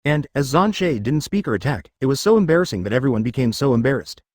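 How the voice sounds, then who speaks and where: A man's voice: medium pitch, very animated, fast, dry recording. A man narrating a story in a stilted, literal reading style, breaking in with abrupt sound words.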